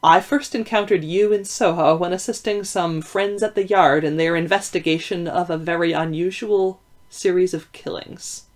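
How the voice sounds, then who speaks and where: A woman reading aloud, voicing a shrewd, formal Victorian male detective with measured, deliberate speech. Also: fairly low pitch, fairly even intonation, lightly acted. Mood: probing. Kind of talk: audiobook reading.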